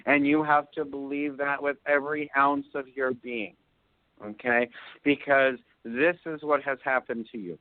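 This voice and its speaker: A man's voice: medium pitch, no echo. A man hosting a call-in radio show, giving soothing psychic readings and often checking in with "okay?". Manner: soothing, drawn-out pronouncements with frequent "okay?". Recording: dry phone-line sound.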